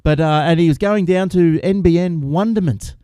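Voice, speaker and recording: A man's voice: high-pitched, moderate pace, mellow, clear, resonant tone, dry recording. A man hosting a casual tech podcast, rambling through the news with restarts and frequent laughs. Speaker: podcast host.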